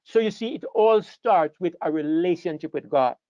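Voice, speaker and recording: High-pitched guy preaching, keeps asking then answering, dry muffled sound. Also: normal speed, dark tone, no room sound. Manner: emphatic, repetitive questioning. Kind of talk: sermon lecture.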